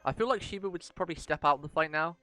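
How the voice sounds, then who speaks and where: Excitable male game streamer, slightly high voice, faint music behind. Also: racing. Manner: excitable, reacts loudly, talks through strategy. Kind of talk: live gameplay commentary and story reading.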